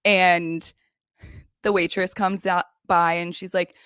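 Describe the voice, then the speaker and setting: A young woman hosting a casual recap show, retelling scenes in a gossipy, animated way. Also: on the low side, slow pace, clean tone, dry recording, studio quality. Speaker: recap podcast host. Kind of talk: casual chat. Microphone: desk microphone.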